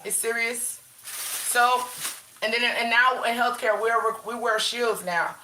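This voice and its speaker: A woman with a bright, fairly high voice chats loosely with her viewers from her bedroom, stopping and restarting her sentences. Her nose is running. The room sounds echoey, with a faint hiss underneath. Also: fairly even intonation, takes it slowly. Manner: chatty, addresses viewers as y'all, lots of restarts. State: runny nose. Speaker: vlogger. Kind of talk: casual livestream chat.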